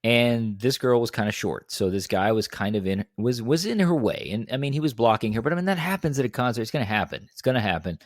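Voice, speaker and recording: A young man in a casual podcast chat, telling a story in an animated way and acting out quotes in a higher voice. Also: fast, hardly any pauses, dry recording, studio quality. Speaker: podcast co-host.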